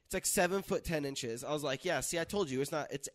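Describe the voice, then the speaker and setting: A man's voice: fairly high pitch, quick pace. A young man hosting a casual chat, telling a story with lots of swearing and acted-out quotes. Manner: animated, profane, acts out quotes. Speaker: podcast host.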